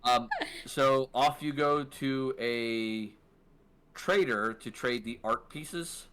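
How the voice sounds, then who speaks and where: A man narrating as game master of a tabletop game, relaxed with many fillers. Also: medium pitch, slow, clean tone.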